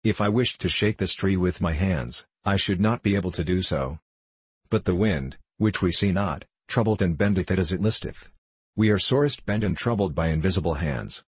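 A man voicing a solemn male sage, calm and grave, speaking archaic words slowly and evenly. The voice sits deep and carries a husky grain, close and dry with no room around it. It is a steady storybook reading. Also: no room sound. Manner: measured, unhurried reading of archaic speech.

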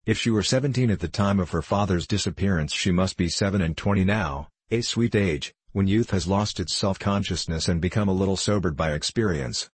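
A man narrating an audiobook in a steady, unhurried storytelling manner. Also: low-pitched, husky, dry recording. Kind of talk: scripted narration.

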